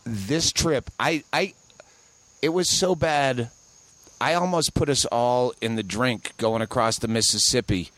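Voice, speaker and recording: A man's voice: mid-range voice, a little slow, fairly bright tone, no room sound. A man guest in a casual podcast chat by a pool, telling a story in a rambling, stammering way. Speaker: guest comedian. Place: outdoors by a pool.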